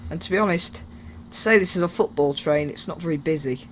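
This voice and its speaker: A man's voice: fairly high pitch, a little fast, a little hiss or hum. A man giving casual, jokey, rambling commentary while playing a train simulator, with faint game sounds behind him. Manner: rambling, jokey, self-mocking. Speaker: gaming YouTuber.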